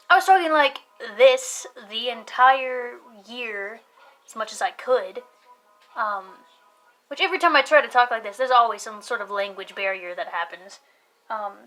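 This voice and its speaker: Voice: medium pitch, bright, forceful tone, low-quality recording. A young adult vlogger chatting casually to camera, rambling off on tangents with frequent laughter and casual swearing.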